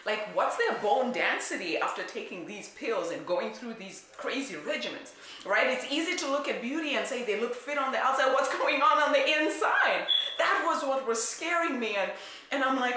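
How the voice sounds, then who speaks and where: A woman tells a personal story to her viewers, jumping into the voices of the people she quotes. Her voice is bright and a little high. The room rings with heavy echo. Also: normal speed. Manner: animated, acts out quotes, frequent "right?" asides. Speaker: weight-loss coach. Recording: very echoey room.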